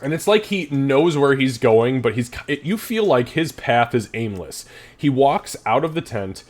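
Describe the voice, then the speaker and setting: A man's voice: mid-range voice, big pitch swings, a little slow. A man running a tabletop game, narrating casually with swearing and laughter. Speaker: game master.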